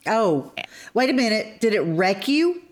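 A woman co-hosting a casual book chat, measured and thoughtful, gently teasing. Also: mid-range voice, big pitch swings. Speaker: co-host.

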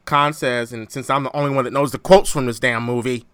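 A man hosting a podcast in casual chat, animated and jokey. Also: mid-range voice, fairly quick, clear, resonant tone, no room sound. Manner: animated, jokey, quotes lines from films. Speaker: podcast host.

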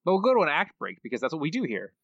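A man co-hosting a podcast with a wry, deadpan manner. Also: on the high side, rapid-fire, breathy edge, no room sound, dull audio. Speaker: podcast co-host. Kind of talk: casual chat.

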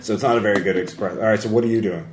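A man running a tabletop game as game master, lively and full of fillers, laughing often. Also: on the low side, very fast, a little hiss or hum. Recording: roomy echo.

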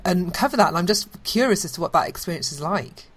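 Low-voiced curious woman interviewer. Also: lively intonation, fast, husky. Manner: curious, eager. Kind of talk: interview questions.

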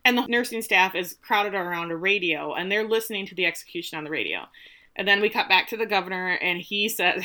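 A woman co-hosting a podcast in casual conversation, working from notes and acting out quoted lines. Her voice is bright and sits at a middle pitch. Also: quick pace. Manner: reads from notes, acts out quotes. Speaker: podcast co-host. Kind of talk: casual recap chat.

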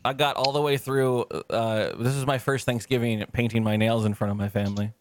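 A man's voice: mid-range voice, fairly even intonation, brisk, a little hiss or hum. A man co-hosting a podcast, telling rambling, profane stories in casual chat. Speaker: podcast co-host.

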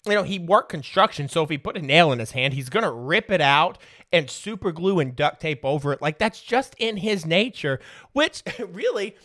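Man, 30s, podcast host, high voice, casual storytelling, profane, laughing, dry recording. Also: animated, moderate pace, fairly bright tone, no room sound. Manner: profane, laughs through his stories.

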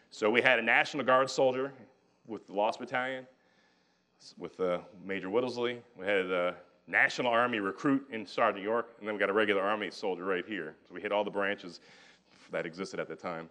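Bright-voiced man telling history. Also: lowish voice. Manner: animated storyteller who acts out quotes. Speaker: history lecturer. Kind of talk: storytelling history lecture with slides.

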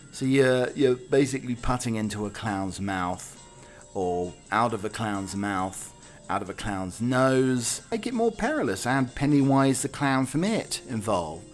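Chatty British man hosting a talk show. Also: medium pitch. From United Kingdom. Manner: chatty, wry, with many fillers. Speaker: host. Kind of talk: casual chat.

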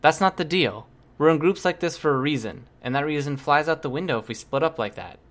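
A man's voice: a little high, lively intonation, fairly quick, fairly bright tone, pitched above the performer's own voice. A man reading aloud, voicing a cautious, wry teenage girl with a dry, lightly humorous delivery. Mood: firm. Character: young teen girl heroine, wry and cautious.

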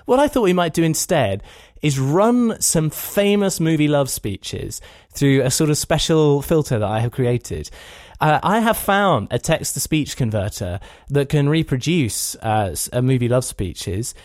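A man's voice: on the high side, very animated, unhurried, few pauses, a little mellow, no echo, studio quality. A man hosting a podcast, chatting casually and with a wry, joking manner. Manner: wry and jokey. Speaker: podcast host. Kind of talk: casual chat.

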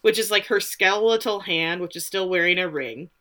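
A woman's voice: fairly low pitch, moderate pace, sharp tone. A woman co-hosting a podcast in casual chat, wry, recapping plot scenes by acting out lines. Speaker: podcast co-host.

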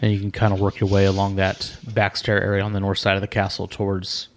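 A man narrating as game master of a tabletop role-playing game, relaxed and prone to fillers and self-corrections. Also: deep voice, fast.

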